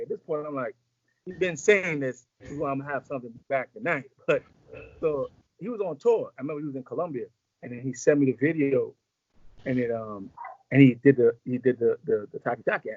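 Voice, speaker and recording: A man's voice: medium pitch, a little mellow, dry recording. Guy rambling thru music biz stories, slangy, dry dull-sounding audio. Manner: loose, rambling, slangy, acts out quotes. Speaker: music executive guest. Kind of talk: casual storytelling interview.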